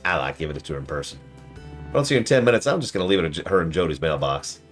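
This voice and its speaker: A man's voice: sits low, big pitch swings, very fast, faint music behind, pitched below the performer's own voice. A man doing a folksy, friendly diner owner lady. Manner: chatty, folksy, with country slang. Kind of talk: reading game dialogue aloud on stream.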